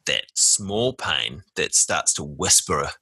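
A man hosting a podcast in a relaxed, casual way, laughing easily and swearing now and then. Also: a bass voice, slow, breathy edge, no room sound. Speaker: podcast host. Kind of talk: casual conversation.

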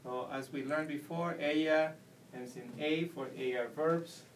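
A man's voice: on the high side, steady tone, unhurried. A man giving a whiteboard lesson as a Spanish teacher, explaining patiently step by step. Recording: distant mic with faint room noise.

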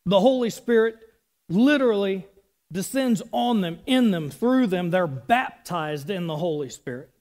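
A man with a notably high voice delivers a sermon in a relaxed, chatty way. He wanders into side remarks. He sounds like he is in his thirties. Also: a little slow. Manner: casual, chatty preaching with asides and laughs. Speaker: preacher.

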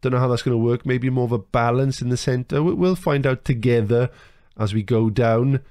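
Man excitedly commentating his game. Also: mid-range voice, normal speed, dry recording, clean studio sound. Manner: animated, swears and shouts at the players. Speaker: gaming YouTuber.

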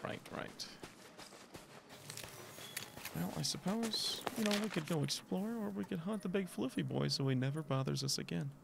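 A man streaming a game, talking to viewers in an excitable way, shrieking and swearing at surprises and cooing at cute creatures. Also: a little high, fairly quick, creaky, background noise. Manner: coos affectionately at game creatures. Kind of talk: live gameplay commentary. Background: game music.

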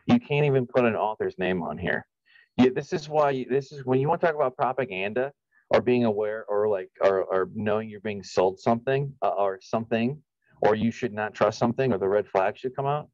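A man's voice: medium pitch, darkish tone, no room sound, lo-fi sound. A man giving an unscripted, profane commentary rant, rambling with many restarts, repeated phrases and sarcastic, scornful asides. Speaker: YouTube commentator.

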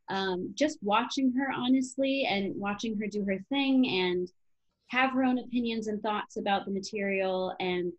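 An actress in her thirties from Chicago chats casually as an interview guest, dropping plenty of "you know" and "um." Her voice sits in the mid range, and the audio sounds dull.

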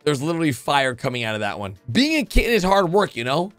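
A man giving casual, excitable commentary as he reacts to funny videos, breaking into exclamations and jumping from one thought to the next. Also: fairly high pitch, quick pace, dry recording, faint music behind.

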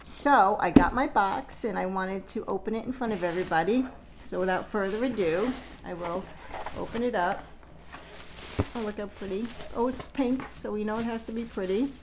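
A woman with a mid-range voice speaks at normal speed over a noisy background. Sitting at a table at home for a casual vlog, she unboxes a swap package, gushing excitedly and gasping often with delight at each item.

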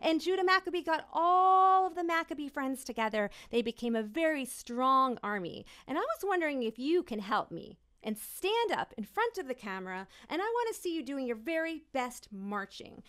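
High-voiced bubbly woman leading a kids' sing-along. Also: very animated, moderate pace, hardly any pauses, a bit bright. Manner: bubbly, encouraging, calls out children by name. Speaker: children's musician and host. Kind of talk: interactive kids' sing-along over video call. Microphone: video call.

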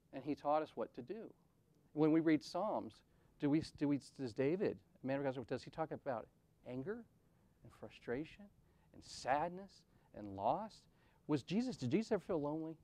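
A middle-aged man speaking at a leadership conference, telling personal stories with rhetorical questions, swinging between loud emphasis and quiet, soft moments. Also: a little high. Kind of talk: personal storytelling talk.

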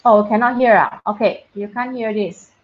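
Chatty woman teacher, higher voice, casual online class, mixes in Mandarin phrases, muffled computer-mic sound. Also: steady tone, normal speed. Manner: chatty, keeps checking if students can hear her. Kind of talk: online science lesson.

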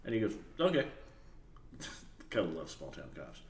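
A man's voice: extremely low pitch, moderate pace, echoey room, a little hiss or hum. Storytelling man. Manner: animated, acts out voices and laughs while telling. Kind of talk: casual storytelling.

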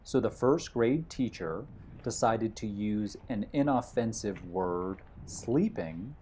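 A man giving a vocabulary lesson while walking outdoors on a hiking trail, in a measured way, defining each word and then restating his example. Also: on the low side, animated, warm tone, slight background noise. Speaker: vocabulary teacher.

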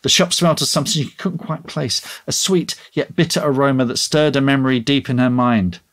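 A man, a podcast co-host, reading a story aloud in a measured, even audiobook style. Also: medium pitch.

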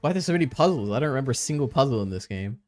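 A man's voice: mid-range voice, animated, rapid-fire, a little mellow, faint music behind. Laid-back laughing male streamer. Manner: laid-back, chatty, trails off and laughs often. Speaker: streamer host. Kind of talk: casual stream chat.

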